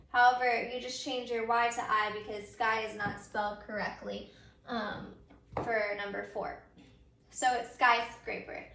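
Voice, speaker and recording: A young woman teacher with a high voice walks through a recorded spelling lesson, spelling words out letter by letter and pausing on frequent ums. Her voice is crisp and bright. The room around her sounds echoey. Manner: frequent um fillers.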